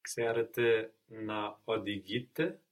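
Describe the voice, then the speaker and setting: A man answering in a language lesson, slow and careful, a little hesitant. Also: lowish voice, fairly even intonation, low-quality recording. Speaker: language student.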